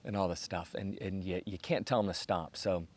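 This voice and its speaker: An American man in his thirties telling a long comic story, jumping into high voices whenever he quotes other people. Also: moderate pace. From United States. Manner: animated, acts out quoted voices with big pitch jumps. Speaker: comedian host. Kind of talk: storytelling stand-up monologue.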